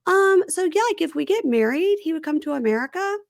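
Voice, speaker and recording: A woman voicing a young woman who apologizes nervously, high and hesitant with lots of fillers. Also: expressive, brisk, gravelly, dry recording, clean studio sound, full character voice. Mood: nervous apology.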